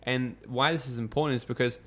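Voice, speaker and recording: A man, a podcast guest telling lively stories in casual conversation, acting out quotes and swearing freely. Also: medium pitch, fast talker. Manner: animated storyteller, acts out quotes, swears freely.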